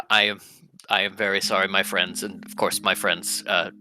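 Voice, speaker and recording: A man voicing a calm, courteous male assassin who speaks in a low, measured, apologetic way. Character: polite calm assassin, male, soft-spoken.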